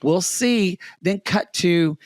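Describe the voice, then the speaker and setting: A man's voice: sits high, slow pace, dry recording, clean studio sound. A man co-hosting a podcast, recapping reality TV in blunt, chatty casual talk. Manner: chatty and blunt, agrees readily, swears casually. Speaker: podcast co-host.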